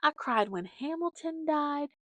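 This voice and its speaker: A young woman runs her own podcast, chatting casually and telling meandering stories crowded with fillers. She has a high, expressive voice, speaks a little slowly, and the audio has no echo.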